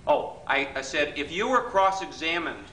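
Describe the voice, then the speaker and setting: A man teaches a workshop in a bright, forceful voice, chatting with his audience and asking them to agree. He is picked up from across an echoey hotel function room, with a faint hiss underneath. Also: on the high side, expressive, normal speed, recorded from a distance. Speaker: workshop leader. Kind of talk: live workshop lecture.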